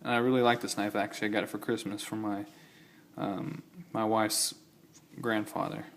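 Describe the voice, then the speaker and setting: A man's voice: on the low side, flat delivery, moderate pace, slight background noise. A young man casually showing off old-style knives and keys, rambling and correcting himself with enthusiastic asides. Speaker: knife collector showing his gear. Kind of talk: casual show-and-tell vlog.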